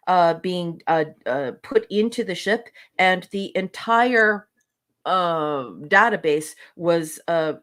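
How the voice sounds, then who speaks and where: A woman on a casual podcast, reviewing episodes in an exasperated, sarcastic rant. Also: lowish voice.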